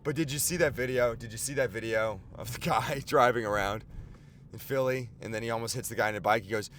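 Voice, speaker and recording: A man in his twenties giving a rambling, animated comic monologue from inside his car, swearing often. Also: medium pitch, quick pace, slight background noise. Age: 20s. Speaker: podcast host. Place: inside a car while driving and parking.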